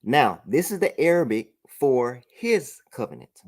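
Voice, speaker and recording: A man's voice: mid-range voice, very animated, a little slow. Man teaching a religious class. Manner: checks understanding, repeats "all right" often. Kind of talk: informal religious class over a broadcast.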